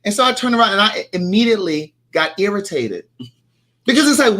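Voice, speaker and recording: A man's voice: sits high, animated, brisk, bright, forceful tone. A young man hosting a casual live chat, telling a story and acting out the lines people said. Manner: chatty storyteller, acts out quoted lines. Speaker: host.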